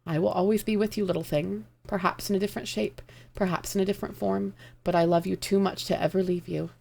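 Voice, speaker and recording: A gentle dying man speaks low and tender, calm even at the end, as a woman reads him aloud. His voice is soft and quiet, with a gravelly rasp at the bottom of each phrase. It is a storybook reading of a sad farewell. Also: quick pace.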